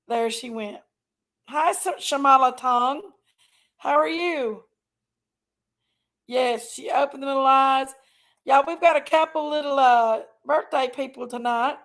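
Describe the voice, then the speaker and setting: Lady on a livestream, high voice, talks slow, calls out viewers by name all sweet. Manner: greets viewers one by one by name, affectionate; emotional, voice sometimes tearful. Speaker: livestream host. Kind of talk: casual livestream chat.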